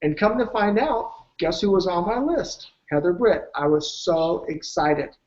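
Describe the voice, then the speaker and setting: A man's voice: high-pitched, animated, unhurried, a little mellow, dull audio. A man presenting his weight loss program, telling emphatic motivational stories and acting out the dialogue. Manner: emphatic, acts out quoted dialogue. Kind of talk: motivational storytelling.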